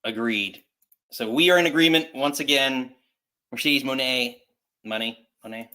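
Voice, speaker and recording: A man's voice: medium pitch, moderate pace, sharp tone. A man hosting a casual wrestling podcast, running the segues and asking his co-host for picks. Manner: upbeat, moves the show along with segues.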